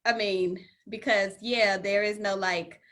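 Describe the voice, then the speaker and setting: A woman's voice: mid-range voice, fairly even intonation, unhurried, a bit bright. A woman co-hosting a casual podcast chat, explaining her views with giggles and examples. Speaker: podcast co-host, entrepreneur.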